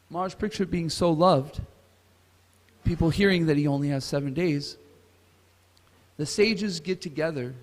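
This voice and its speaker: A man teaching a scripture class at a temple, retelling a story and asking the audience questions. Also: a little high. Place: temple hall. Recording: reverberant temple hall.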